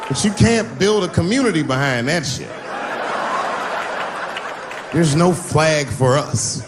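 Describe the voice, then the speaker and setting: A man doing a stand-up comedy routine, telling loose, profane stories with sudden swings in pitch. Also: expressive, takes it slowly, a crowd in the background, noisy background. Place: stage before a live audience.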